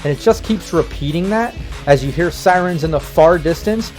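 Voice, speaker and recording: A man's voice: fairly high pitch, expressive, normal speed, a little mellow, faint music behind. A man running a tabletop game as game master, narrating in a rambling way with many fillers and restarts.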